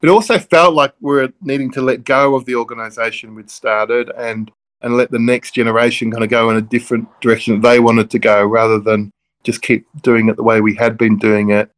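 A middle-aged man from Melbourne, a minister, telling stories in a relaxed conversational way that wanders off on tangents with self-deprecating jokes. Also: mid-range voice, a little fast. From Melbourne, Australia. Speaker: interview guest, Church of Christ minister.

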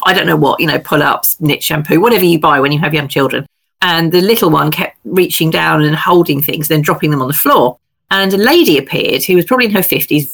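A middle-aged woman from England, a novelist guest telling lively, self-deprecating stories in casual chat. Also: on the low side, creaky.

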